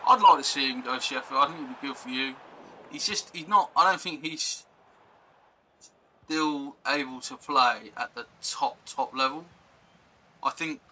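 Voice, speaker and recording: Bright-voiced chatty male streamer. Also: medium pitch, a little hiss or hum, rough recording. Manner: rambling, chatty, reacting to chat and gameplay. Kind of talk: casual live-stream chat.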